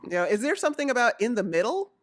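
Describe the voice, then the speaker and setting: Jamaican-born woman rambling excitedly about wrestling, keeps switching topics. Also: a little high, rapid-fire. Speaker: wrestling recap vlogger. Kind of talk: casual chat.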